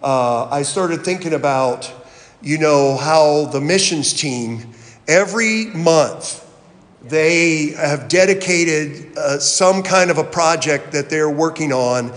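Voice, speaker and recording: A man leading a children's sermon, then moving to the prayer time, in an animated, playful way. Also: on the high side, takes it slowly. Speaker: pastor. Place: church sanctuary. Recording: echoey hall from far off.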